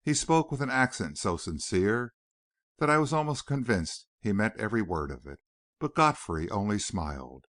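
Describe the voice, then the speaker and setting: A man narrating a mystery audiobook in a measured storytelling manner. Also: fairly low pitch, big pitch swings, fairly bright tone, dry recording, clean studio sound.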